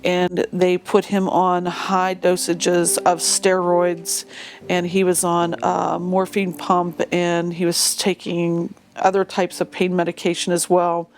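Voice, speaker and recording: A widowed mother in an interview, telling her story in a halting way with frequent restarts. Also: on the low side, completely flat delivery. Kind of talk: recounting a personal story in an interview.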